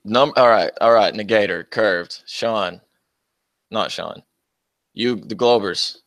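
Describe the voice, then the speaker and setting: A man's voice: on the low side, slow, fairly bright tone, no room sound. A young man hosting a casual livestream, reading chat aloud and trading mocking, profane jabs with commenters while laughing often. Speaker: livestream host.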